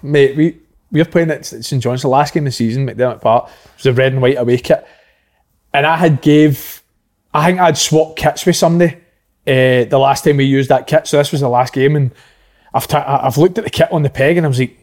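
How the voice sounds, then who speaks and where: A man, an ex-footballer co-hosting a podcast, telling animated, sweary stories in casual chat. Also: fairly high pitch, fairly quick. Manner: animated storyteller, swears, laughs at own tales. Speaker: podcast co-host, former footballer.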